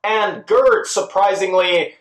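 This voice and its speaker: A man giving a casual spoken recap and review of a TV episode, chatty and quick to act out the characters' lines. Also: high-pitched, reverberant. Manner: chatty, quotes characters in quick put-on voices.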